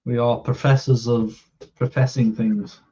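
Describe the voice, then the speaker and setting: A man's voice: mid-range voice, little pitch movement, a little slow, warm tone, muffled recording. A man in his thirties hosting a casual chat, laid-back, laughing and swearing freely. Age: 30s.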